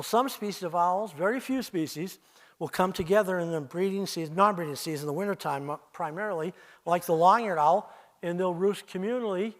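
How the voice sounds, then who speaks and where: An older man with a fairly high voice gives a presentation in an auditorium. He speaks to the audience as "you," pulling them into little stories. Every so often he breaks into imitations of owl calls. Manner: storytelling, addresses listeners as you, mimics owl calls. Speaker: owl researcher giving a festival talk. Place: arts center auditorium.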